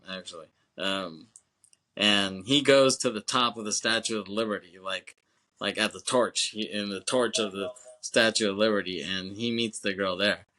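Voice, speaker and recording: Lowish and sharp-toned, a man's voice carries a casual movie recap on the podcast he co-hosts. The retelling wanders, padded with fillers and acted quotes, and he laughs and swears a lot along the way.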